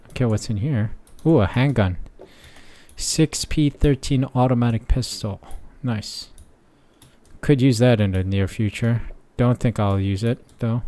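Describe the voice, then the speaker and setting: A man's voice: medium pitch, warm tone. A young man giving muttered, sarcastic let's-play commentary from his desk microphone. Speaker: gaming channel host.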